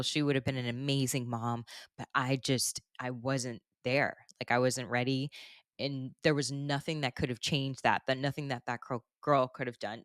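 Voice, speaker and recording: A podcast host with a very deep voice chats casually, rambling candidly and leaning heavily on "like" and "basically." The recording is studio quality with no room sound.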